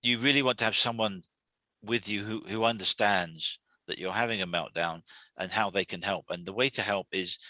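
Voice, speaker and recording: A man hosting a weekly talk series, explaining calmly in a halting way, often repeating words and restarting. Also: lowish voice, dry recording. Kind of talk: solo talk to camera.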